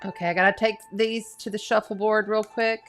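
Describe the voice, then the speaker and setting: Bright-voiced chatty middle-aged woman. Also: medium pitch, flat delivery, fairly quick, faint music behind. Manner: chatty and earnest, with frequent fillers and restarts. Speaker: astrologer and tarot reader. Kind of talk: casual live-stream chat reading viewer comments.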